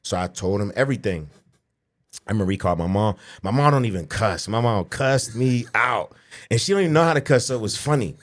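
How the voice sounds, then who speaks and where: Man in his 40s, fairly low voice, casual podcast storytelling, profane, acts out quoted voices. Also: a little fast. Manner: profane, animated, acts out quoted voices, frequent "you know what I'm saying". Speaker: podcast guest, pro bodybuilder.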